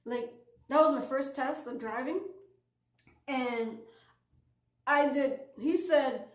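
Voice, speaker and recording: A woman with a slightly high voice tells a personal story in a loose, rambling way, stopping often for filler ums and restarting her sentences. Her voice bounces around an echoey room. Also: takes it slowly.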